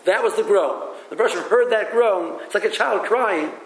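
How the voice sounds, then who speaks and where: Male rabbi, high-pitched, halting and repetitive, recorded in a roomy space. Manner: halting and repetitive, thinks aloud. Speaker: rabbi teaching a class. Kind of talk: teaching a religious text, with stories. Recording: echoey room with faint ambience.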